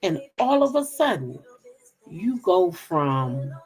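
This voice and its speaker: Lively, frank middle-aged woman chatting. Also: on the low side, takes it slowly, soft background music. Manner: chatty, frank, swears freely, talks straight to viewers. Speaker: gossip channel host. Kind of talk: casual live-stream chat, reading viewer comments.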